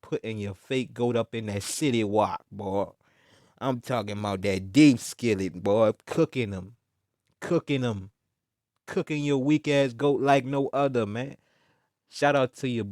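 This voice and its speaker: A man's voice: mid-range voice, no room sound, clean studio sound. A man ranting in casual chat about sports, emphatic and repetitive, full of slang and mocking jabs, tacking "man" onto his lines. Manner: mocking, insistent. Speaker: sports commentator vlogger. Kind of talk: heated casual rant.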